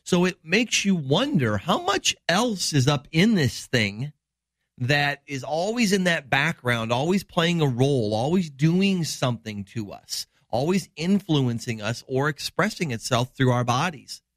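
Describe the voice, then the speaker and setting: A man's voice: fairly high pitch, big pitch swings, a little slow, fairly bright tone, no room sound, studio quality. A middle-aged man from Wisconsin, a doctor hosting a health show, explaining news in rambling, enthusiastic casual chat.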